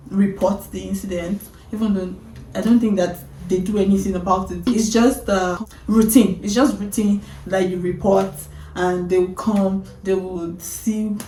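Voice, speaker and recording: Woman telling a story, mellow voice. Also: medium pitch, reverberant, far from the mic, slight background noise, poor audio. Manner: animated retelling, breaks into laughter. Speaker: vlogger. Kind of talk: storytime vlog, casual storytelling.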